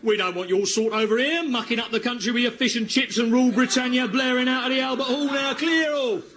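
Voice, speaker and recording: An actor playing a brusque, bossy English customs officer in a sketch. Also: male voice, very high-pitched, steady tone, brisk, fairly bright tone.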